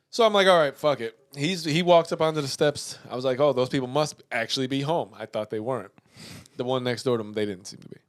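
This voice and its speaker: A man co-hosting a podcast, telling a story in casual chat, profane and animated, swinging between loud outbursts and muttering. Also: medium pitch, a little fast, no echo. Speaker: podcast co-host.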